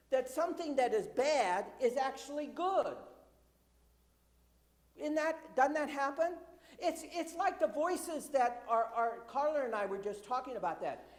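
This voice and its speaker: A woman's voice: high voice, darkish tone. A woman preaching a conversational sermon in a church, asking the congregation rhetorical questions and adding sarcastic asides. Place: church sanctuary. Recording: echoey church with long reverb.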